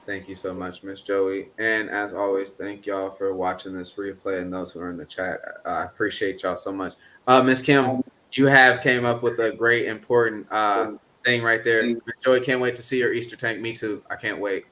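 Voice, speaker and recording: A man's voice: on the low side, steady tone, moderate pace, pushed and bright, a little hiss or hum. A man hosting a casual livestream chat in a loose, rambling way, with a drawl and lots of filler. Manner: laid-back, rambling, with filler "uh"s. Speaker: livestream host.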